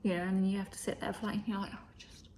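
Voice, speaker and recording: Young woman, casual storytelling, swears, slips into whispers, mid-pitched voice, faint hiss behind. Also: little pitch movement, quick pace, darkish tone. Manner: chatty, swears, acts out quoted dialogue, often drops to a whisper. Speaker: vlogger.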